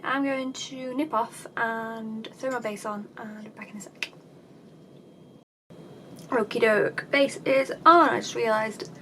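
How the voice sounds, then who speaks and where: A high-pitched woman talks through her makeup tutorial in a loose, chatty way. She is self-deprecating and slips into dry sarcasm. A clear hum of background noise sits under the home recording. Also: a bit bright. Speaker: beauty vlogger. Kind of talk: casual makeup tutorial chat.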